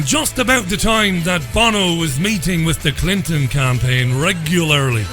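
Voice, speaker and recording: A man's voice: a little high, normal speed, hardly any pauses, over music. A man hosting his own radio show, talking in an irreverent, rambling, jokey way. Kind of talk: casual monologue.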